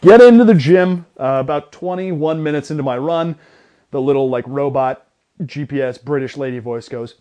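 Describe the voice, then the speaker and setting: A young man co-hosting a casual sports podcast, retelling a gym story in an animated way with lots of restarts. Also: on the high side, normal speed. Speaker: podcast co-host.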